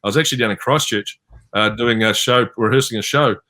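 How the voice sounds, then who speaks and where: Man, New Zealand accent, bright timbre, rambling anecdotes, video call interview. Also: mid-range voice, a little fast. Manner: rambling anecdotes with many fillers and restarts. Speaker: voice actor guest. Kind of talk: convention panel interview over video call.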